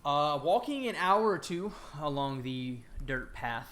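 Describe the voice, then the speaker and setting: A man narrating as game master of a tabletop fantasy game, halting and full of fillers and restarts. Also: on the high side, lively intonation, a bit bright.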